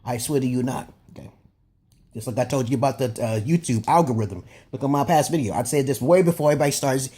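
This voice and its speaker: Husky, profane man ranting. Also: mid-range voice, fast talker, dark tone. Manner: profane, emphatic, keeps asking "okay?"; repeats and restarts phrases. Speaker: vlogger. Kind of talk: rambling opinion monologue.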